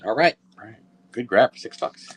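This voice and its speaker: A man selling collectible figures on a live stream, talking casually to viewers and often correcting himself between quick auction calls. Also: mid-range voice, animated, background noise. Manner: chatty, self-correcting, quick asides to viewers.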